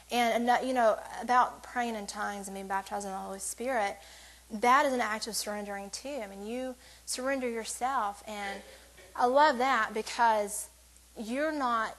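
A woman's voice: medium pitch, fairly bright tone, low-quality recording. A woman giving a casual church devotional to women, rambling and interrupting herself with joking asides. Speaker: women's ministry speaker.

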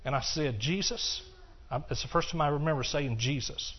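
An older man giving a personal testimony sermon, earnest and repetitive, dropping to hushed stretches and rising into passionate bursts. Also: mid-range voice, normal speed, long pauses, breathy edge. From Texas. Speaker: preacher. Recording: dull lo-fi recording.

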